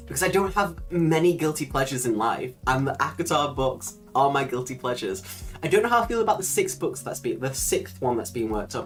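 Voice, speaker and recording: Woman, low voice, lively swooping delivery, casual livestream chat, faint music behind. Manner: chatty, laughs often, swears casually. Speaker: livestream host.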